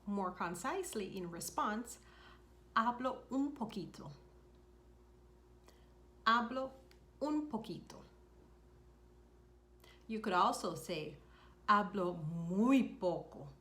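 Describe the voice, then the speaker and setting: A woman teaching a spoken lesson, repeating each phrase slowly and clearly. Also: on the high side, big pitch swings, bright, forceful tone. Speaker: language teacher. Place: home in Mexico.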